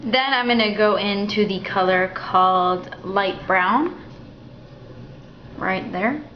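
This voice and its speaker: A young woman walking through a makeup tutorial in a chatty, relaxed way at home. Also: mid-range voice, slow, slight background noise. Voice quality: chatty, relaxed, thinking aloud. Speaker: beauty vlogger. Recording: dull, slightly roomy home recording.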